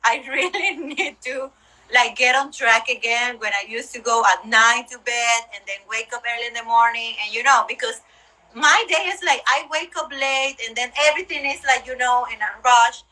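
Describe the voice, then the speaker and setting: Bright nasal woman, chatty. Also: a little high, moderate pace, low-quality recording. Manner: chatty, animated, laughs often. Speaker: co-host, literature teacher. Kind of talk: casual chat.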